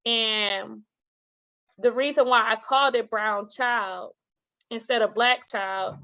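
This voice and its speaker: A woman, a teacher and author, talking as an interview guest, telling stories with lively acted-out quotes and frequent laughter. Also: a little high, takes it slowly, dull audio. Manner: animated storytelling, acts out quoted voices, laughs often. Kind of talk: casual interview talk.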